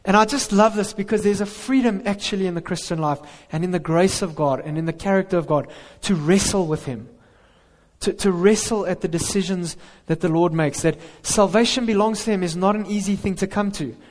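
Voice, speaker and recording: A man's voice: high voice, a little fast. A man preaching a sermon, earnest and emphatic, with rhetorical questions. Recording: reverberant hall.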